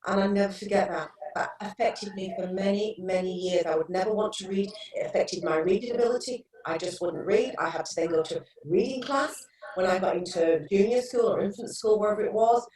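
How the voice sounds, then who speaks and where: A woman's voice: medium pitch, a little fast, darkish tone. Middle-aged woman chatting earnestly, far off the mic in a very echoey room. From England. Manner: earnest, storytelling, many restarts. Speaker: guest therapist. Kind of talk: casual interview chat.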